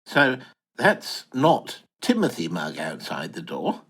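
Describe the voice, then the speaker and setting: An actor playing a bumbling, posh English retiree, flustered and hesitant in a comic audio drama. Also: male voice, low-pitched, huge pitch swings, takes it slowly, a bit bright, slightly rough, full character voice. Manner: flustered, posh, hesitant, wildly swooping delivery. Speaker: lead character and narrator.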